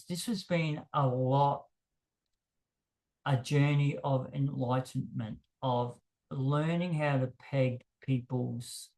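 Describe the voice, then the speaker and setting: A man talking frankly to camera about dating, blunt and self-deprecating, his voice jumping higher whenever he gets worked up. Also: gravelly. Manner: emphatic, voice jumps higher when worked up. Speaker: vlogger. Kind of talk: unscripted monologue to camera.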